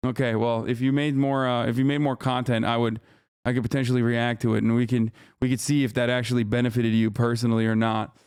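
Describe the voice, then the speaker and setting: Male streamer in his thirties, heated profane reaction rants, smooth resonant voice, dead-dry close mic. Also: medium pitch, little pitch movement, fast, a little mellow, dry recording. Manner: profane, combative, ranting at his chat. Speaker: live streamer. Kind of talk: live-stream reaction commentary.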